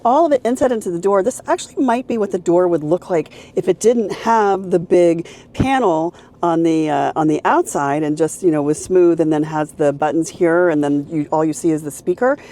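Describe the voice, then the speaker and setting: A woman's voice: lowish voice, normal speed, hardly any pauses, mellow. A woman reviewing a car, walking through its features one by one in an upbeat, casual way. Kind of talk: casual car interior walkthrough.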